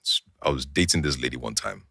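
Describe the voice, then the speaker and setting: Very deep-voiced Nigerian man telling stories. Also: quick pace, vocal fry, slightly rough, no echo, clean studio sound. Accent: Nigerian English. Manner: animated storyteller who acts out quoted dialogue. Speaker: podcast guest. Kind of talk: casual storytelling chat.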